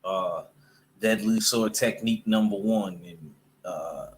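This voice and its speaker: A man's voice: lowish voice, slow pace, slight background noise. A man chatting casually about comic books in a rambling way, with loose slang and lots of fillers. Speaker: comic book vlogger. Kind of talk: casual chat.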